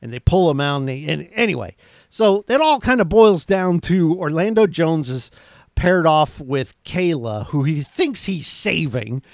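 A man's voice: fairly high pitch, lively intonation, a little slow, creaky, no echo, studio quality. A man casually recapping a movie plot on his podcast, rambling and enthusiastic, full of restarts and fillers. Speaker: podcast host reviewing a movie.

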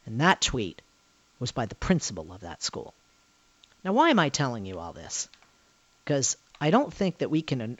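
A woman's voice: low voice, no echo, highs cut off. A woman from the American South hosting a call-in radio talk show, emphatic and prone to repeating herself. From Southern United States.

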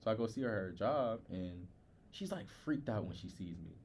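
A young man with a lowish voice talks candidly on a podcast. He tells his own story casually, halting now and then and leaning on filler words, with a faint hiss of noise behind him. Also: expressive, a little mellow. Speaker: podcast co-host.

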